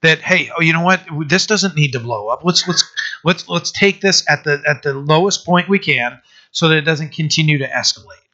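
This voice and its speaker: A middle-aged pastor delivers a conversational sermon in a rather high, pushed, bright voice at normal speed. He rambles, restarting often and filling gaps with fillers, and the lo-fi recording sounds dull.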